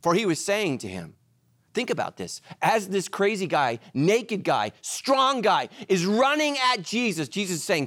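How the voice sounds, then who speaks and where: A male pastor delivers a sermon in a fairly high voice that rises and falls in wide, lively swings. He pushes some lines out loud and drops others to a hush. The sound is dry and close, with no room echo. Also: unhurried. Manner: animated preaching, swings between loud and hushed.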